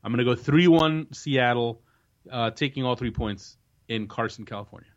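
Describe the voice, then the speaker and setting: In a relaxed sports chat with dull lo-fi audio, a soccer podcast host speaks at a moderate pace with a medium-pitched voice. He offers confident match predictions and frequently begins his sentences again.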